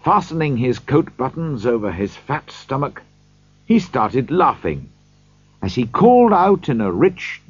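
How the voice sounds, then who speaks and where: A man narrating a classic story as an audiobook reader, slow and expressive, on a dull lo-fi recording. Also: mid-range voice, breathy edge, dry recording.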